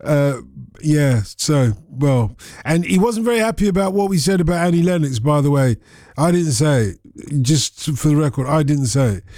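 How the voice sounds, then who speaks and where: Brief: male phone-in host, joking and meandering, slightly high voice, close dry studio sound. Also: lively intonation, moderate pace, dark tone, no room sound. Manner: rambling, jokey, self-deprecating. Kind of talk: casual live radio banter. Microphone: studio microphone.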